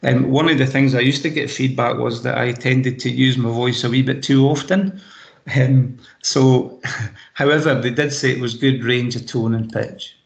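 A man's voice: medium pitch, steady tone, normal speed, creaky, reverberant. A man with a Scottish accent giving practical, anecdotal tips in an online training session over a laptop video call. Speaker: presentation skills trainer. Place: home room. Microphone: laptop microphone on a video call.

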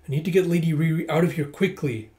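A man reading a manga aloud and voicing a poised, sharp-witted young woman. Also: a little high, fast talker, natural voice. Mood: composed. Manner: poised, polite.

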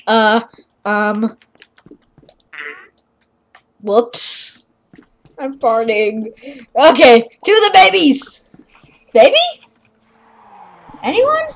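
A woman's voice: fairly high pitch, drawn-out words, long pauses. A young woman casually chatting while she plays a game, playful and silly, narrating her own moves. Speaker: channel host playing a game. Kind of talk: casual gameplay chat.

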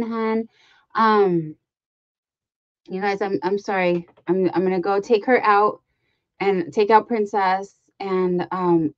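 A woman's voice: medium pitch, no room sound. Woman, livestream host, casual rambling chat, lots of ums, slightly dull sound, dry room. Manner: chatty, rambling, many ums and restarts; softly coos baby talk to her dogs.

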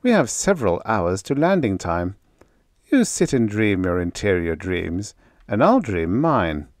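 An audiobook narrator voicing Solonar, a hard, ruthless businessman who speaks in a crisp and curt way. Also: on the low side, very animated, measured pace, dry recording, clean studio sound. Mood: curt, cold.

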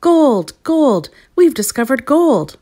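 A woman reading a storybook aloud, voicing a small, freezing male gnome who shouts every line. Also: medium pitch, animated, moderate pace, natural voice. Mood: shouting. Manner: shouting, frantic.

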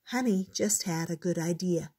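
A woman's voice: lowish voice, normal speed, mellow, husky. A woman reading a storybook aloud and voicing a kind, reassuring mother bear. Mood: gentle.

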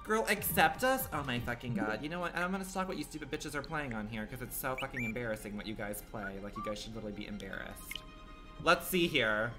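A man's voice: mid-range voice, expressive, fast, music in the background. A man livestreaming a game, rambling and swearing freely with many filler words. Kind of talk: casual gaming livestream chat.

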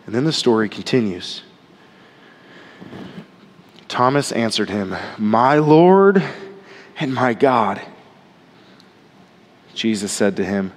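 A man preaching a sermon, rising to loud emphasis and dropping to quiet, soft passages. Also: medium pitch, takes it slowly, long pauses, big-room sound. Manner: animated, rising and falling between loud emphasis and quiet softness. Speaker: pastor.

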